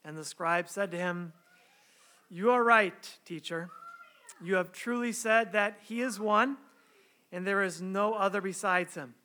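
A man's voice: high-pitched, unhurried, sharp tone. A man preaching a sermon, reading scripture aloud, praying, then speaking in an earnest, conversational way with rhetorical questions. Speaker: pastor.

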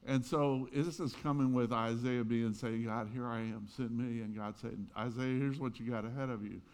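A man's voice: medium pitch, fairly even intonation, normal speed, darkish tone. A man in his sixties preaching a sermon in a conversational way, rising now and then into emphatic peaks. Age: 60s. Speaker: pastor.

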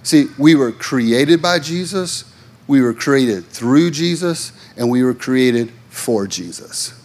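A male pastor preaching a sermon. His phrasing is rhythmic and repetitive, and his voice swings from impassioned highs to sudden low, quiet emphasis. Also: lively intonation, slow.

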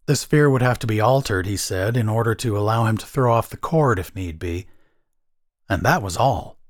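A man narrating an audiobook story in an expressive storytelling manner. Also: on the low side, normal speed, no echo.

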